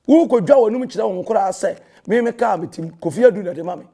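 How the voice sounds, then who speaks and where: A man's voice: high-pitched, fast talker, warm tone. A Ghanaian man, a pastor, delivering a heated and confrontational rebuttal that scolds a rival and mixes in English phrases.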